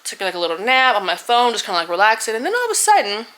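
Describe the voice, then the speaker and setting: A young woman, telling a story to camera in a casual, animated way. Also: fairly high pitch, very fast. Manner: animated, expressive storytelling with laughs and quoted voices. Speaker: vlogger.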